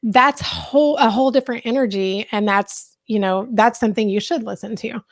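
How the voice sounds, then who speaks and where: A woman's voice: on the high side, brisk, no room sound, clean studio sound. A woman co-hosting a motivational podcast, speaking in a reflective, reassuring way. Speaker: podcast co-host. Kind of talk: casual podcast discussion.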